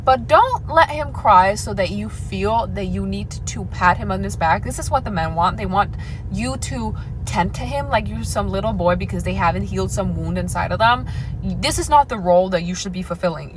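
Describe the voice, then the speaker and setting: A woman's voice: medium pitch, a little fast, slight background noise, poor audio. A young woman giving dating advice straight to her viewers in a sassy, confiding way, calling them girl and honey. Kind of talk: direct-to-camera advice monologue.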